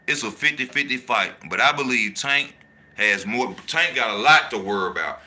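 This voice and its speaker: A man hosting a casual boxing talk show, animated and slangy, repeating his points for emphasis while he reads the chat. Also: medium pitch, normal speed. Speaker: boxing channel host.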